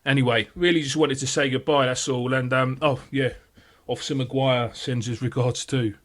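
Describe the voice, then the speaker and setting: A man's voice: medium pitch, steady tone, moderate pace, close to an everyday voice. A man voicing a smug adult man in a story game who got away with murder, politely mocking and falsely sympathetic. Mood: smug farewell. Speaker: game character. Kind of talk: scripted game voice acting.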